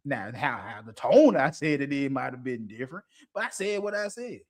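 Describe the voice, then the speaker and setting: A man's voice: medium pitch, sing-song, brisk, hardly any pauses. A man hosting an unscripted monologue, blunt and profane, laughing often as he talks. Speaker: podcast host.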